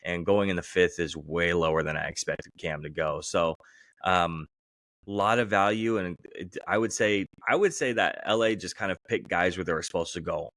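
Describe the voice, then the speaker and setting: A man with a low, deep voice talks through sports picks in a relaxed podcast chat. He leans on fillers and gets animated when he retells a story. The sound is dry and close, with no room around it. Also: moderate pace, no echo. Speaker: podcast co-host.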